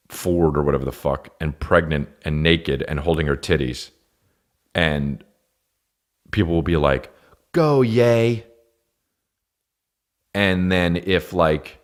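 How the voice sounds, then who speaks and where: A man hosting a podcast, ranting casually with heavy profanity, rambling and restarting his sentences. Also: sits low. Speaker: podcast host. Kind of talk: casual comedic rant.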